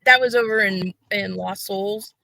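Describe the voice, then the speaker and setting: A woman's voice: medium pitch, measured pace, creaky, pushed and bright, dry recording. A woman hosting her own channel, chatting casually with bawdy jokes and laughing at them. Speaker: channel host. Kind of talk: casual chat.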